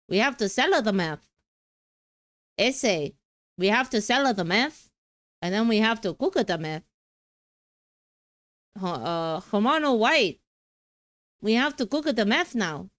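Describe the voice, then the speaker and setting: A woman doing a nervous, hammy crime-drama drug cook who talks a little lower than she does. He halts and stumbles between pleading lines. The sound is dry and close. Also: big pitch swings, smooth, no echo, full character voice. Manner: halting, hammy, stumbling with ums.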